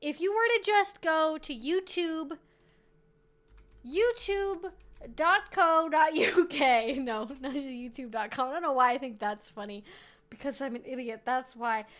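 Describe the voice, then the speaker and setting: A woman hosting a live stream, chatting casually in an animated, rambling way, swearing freely and laughing as she goes. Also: sits high, normal speed. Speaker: streamer host.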